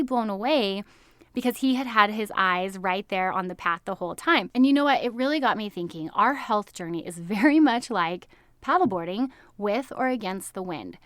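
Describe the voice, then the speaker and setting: A woman's voice: medium pitch, animated, brisk, a bit bright, no room sound, clean studio sound. A woman in her thirties from the United States, a health coach telling a story in a casual, upbeat way, with lots of "like" and frequent laughter. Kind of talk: casual podcast monologue.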